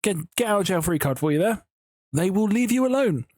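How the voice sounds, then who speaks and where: A man's voice: high-pitched, expressive, a little fast, darkish tone, dry recording, clean studio sound. A man casually chatting and rambling through stories while building in a video game at home. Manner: chatty, rambling, giggly storytelling. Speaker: Minecraft building YouTuber. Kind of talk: casual gameplay commentary.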